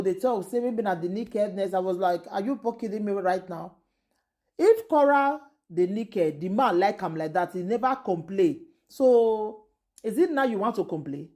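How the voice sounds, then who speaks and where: A woman's voice: mid-range voice, dark tone. A woman with a Nigerian accent, vlogging gossip commentary in an exclamatory way, mixing English with Pidgin.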